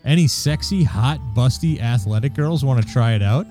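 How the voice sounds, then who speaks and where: Mellow-voiced man reading ads wryly. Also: mid-range voice, expressive, normal speed, soft background music. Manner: wry, crude, laughs while reading. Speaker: podcast host. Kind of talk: casual chat, reading personal ads aloud.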